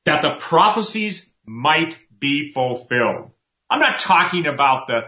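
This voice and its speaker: A man talks with sermon-like fervor, pressing each point through emphatic repetition. His voice sits somewhat high and comes out forceful and bright. The recording is roomy and dull, with a lo-fi quality. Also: lively intonation, normal speed. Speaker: talk show host. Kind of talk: impassioned preaching commentary.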